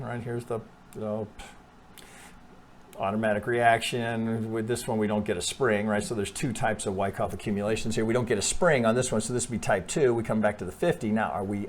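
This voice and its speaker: A man in a mid-range voice analyzes trading charts casually over screen share, working things out aloud, starting over, saying "right?" a lot and cursing bluntly. There's a little hiss or hum on the recording.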